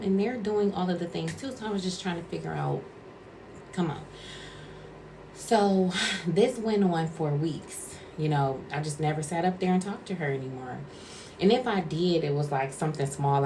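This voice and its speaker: A woman's voice: low-pitched, darkish tone, slight background noise. A woman vlogger and former caregiver telling a rambling, conversational story and acting out what people said. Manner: rambling, conversational, acts out quotes. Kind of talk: casual storytelling vlog.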